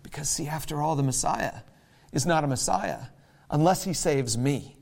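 Male pastor, sermon, high-pitched, animated, dramatizes quotes with big pitch jumps. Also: normal speed, gravelly. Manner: conversational and emphatic.

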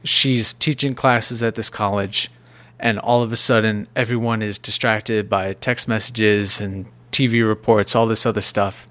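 A man's voice: fairly low pitch, fairly even intonation, a little slow, pushed and bright, no room sound. Male podcast host, casual film recap, jokey rambler, dry close sound. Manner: rambling, jokey, puts on silly voices. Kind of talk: casual movie review chat.

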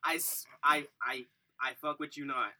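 A man co-hosting a casual podcast, telling a story in an animated way, acting out voices and tripping over his words. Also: fairly high pitch, moderate pace. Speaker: podcast co-host. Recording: distant mic with faint noise.

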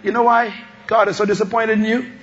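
A man preaching a sermon as pastor, animated, swinging between shouts and low asides and laughing often. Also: brisk, muffled recording.

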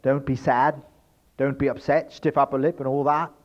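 A man giving a spoken lecture in an emphatic, rhetorical way, swinging between loud stresses and hushed asides. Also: medium pitch, level tone, normal speed. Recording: dull lo-fi recording.

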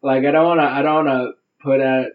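A male podcast co-host rambles through jokes and tangents, filling his sentences with asides. His voice is mid-pitched and easygoing. The sound is a bit dull and lo-fi. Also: little pitch movement, fast. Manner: rambling, many "like" and "uh" asides, joking. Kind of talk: casual comedic chat.

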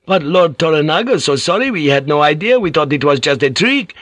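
A man voicing a male Jesuit priest acting as interpreter, who pleads and shouts in a raised voice in an audiobook reading. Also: medium pitch, sing-song, moderate pace, dry recording. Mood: fawning pleading.

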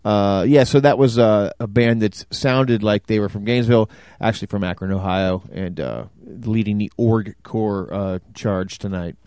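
A man's voice: fairly low pitch, moderate pace, few pauses, a little mellow, smooth, no room sound. Man, podcast host, casual profane banter, wisecracking, dry close sound. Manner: profane, wisecracking, rambling with fillers. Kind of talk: casual radio-style banter. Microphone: studio microphone.

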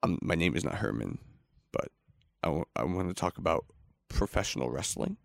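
Brief: low, gravelly man, lively pitch, awkward host, dry sound. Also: a little fast, no echo. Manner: awkward, rambling, nervous. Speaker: podcast co-host. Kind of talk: comedy sketch.

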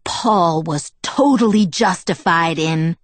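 A woman's voice: lowish voice, slow, no echo. A woman reading the part of a hot-headed, sarcastic teenage male werewolf who sneers and pushes back.

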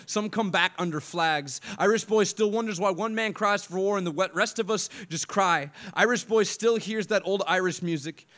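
A man's voice: high voice, a bit bright. A man from Chicago performing spoken word poetry at a live open mic, with rhythmic repeated lines and crude, joking asides. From Chicago, United States.

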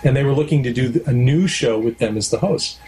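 A middle-aged documentary producer and director from Canada talks a little fast in a dark, medium-pitched voice, with slight hiss or hum on the recording. He's candid in this casual interview, explaining things through stories and everyday analogies.

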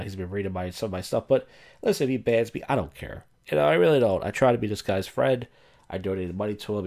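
A man's voice: lowish voice, darkish tone. Sardonic rambling podcast host, man. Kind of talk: casual comedic news commentary.

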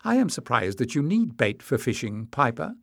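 A man's voice: medium pitch, big pitch swings, normal speed, creaky, fairly bright tone, no echo, clean studio sound, heavily acted. A man reading an audiobook voices a bold young woman adventurer who speaks in a pert, outspoken way.

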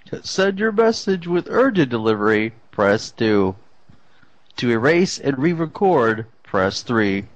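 A man voicing an automated voicemail system during a prank call, reading prompts in a slow, low monotone. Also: no echo, lo-fi sound. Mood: robotic. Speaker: prank caller.

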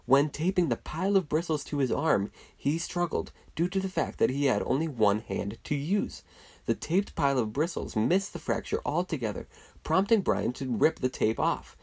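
A male narrator delivering mock-documentary narration with a deadpan, matter-of-fact manner. His voice is husky, and his pitch sits in the middle range.

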